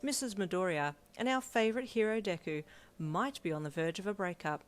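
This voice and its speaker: A woman's voice: lowish voice, brisk, close to an everyday voice. A gossipy TV news reporter teasing a scandal, as a woman reads her in a storybook. She leans into each line with dramatic, headline-style emphasis. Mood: sensational.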